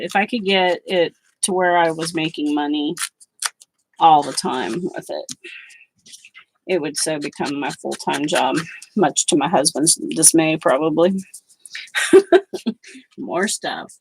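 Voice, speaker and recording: A middle-aged woman with a low voice, fairly even intonation, and a measured pace vlogs about crafts, chatting casually and telling stories in an outspoken way while she works. The audio is poor, with a little hiss or hum.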